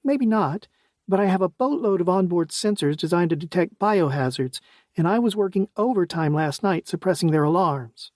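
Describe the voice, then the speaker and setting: A man voicing a sarcastic female starship AI with deadpan, teasing delivery. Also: high-pitched, normal speed, no room sound, studio quality, pitched above the performer's own voice.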